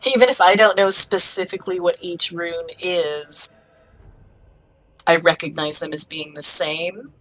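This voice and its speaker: A woman's voice: on the low side, steady tone, a little slow, faint music behind, low-quality recording. A woman playing in a tabletop game, asking eager, inquisitive questions. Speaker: player. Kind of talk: casual tabletop play.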